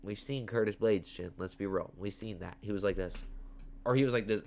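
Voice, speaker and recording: A man with a lowish, creaky voice runs his own MMA betting picks show from home, getting hyped on camera with slangy, animated commentary and big swings in loudness. It's recorded on a webcam or phone, with a little hiss or hum.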